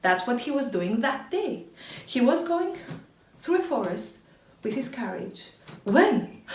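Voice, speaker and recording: Lively lady storyteller for kids, high voice, slow, roomy echo, mic far off. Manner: animated, expressive. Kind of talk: children's storytelling. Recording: echoey room, distant mic.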